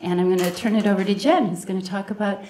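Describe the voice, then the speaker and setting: A woman moderates a conference session in a relaxed, conversational way. Her voice is mid-pitched, and the large room gives it a noticeable echo. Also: quick pace, slight background noise. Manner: conversational, informal. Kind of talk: conference remarks.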